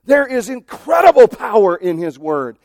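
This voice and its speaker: A male pastor preaching a sermon, animated, acting out quoted voices and swinging from loud to hushed. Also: sits high, normal speed, dry recording, studio quality.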